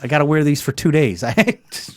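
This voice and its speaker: A man hosting a live show, chatting casually and joking rowdily with loud laughs. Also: fairly high pitch, quick pace. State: out of breath. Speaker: host.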